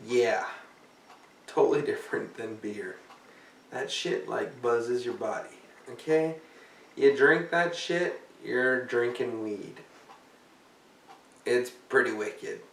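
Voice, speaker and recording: A man's voice: mid-range voice, takes it slowly, long pauses, a bit bright, slight background noise. Tired guy rambling and swearing on his vlog, kinda far from the mic, echoey room. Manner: rambling, profane and jokey. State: tired, yawning. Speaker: vlogger.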